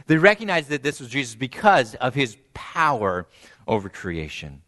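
A male pastor delivers a sermon at a middle pitch. He tells the story with animation, jumping high in pitch when he acts out quoted voices and dropping low and quiet when he repeats key phrases. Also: big pitch swings, normal speed.

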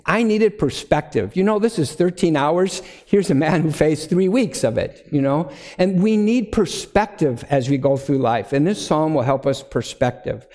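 A man's voice: on the high side, a little mellow. Earnest preaching man, reverberant hall. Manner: earnest preaching, slows to stress key words. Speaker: pastor. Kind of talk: sermon.

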